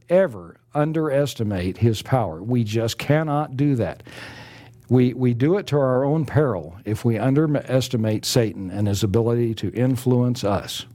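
A male preacher delivers a sermon in a mellow, warm voice. He speaks earnestly and emphatically. He slows down to stress each scripture he quotes. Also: medium pitch.

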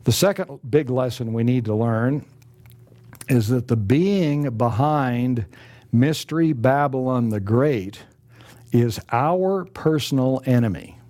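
A man preaching a sermon, earnest and emphatic, slowing down to stress scripture quotes. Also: mid-range voice, animated, mellow.

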